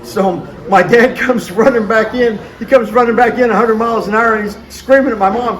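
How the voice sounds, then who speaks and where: A man's voice: sits high, fairly even intonation, a little fast, hardly any pauses, fairly bright tone. A man hosting a show, telling rambling family stories and often laughing as he goes. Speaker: show host. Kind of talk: casual storytelling. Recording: roomy echo.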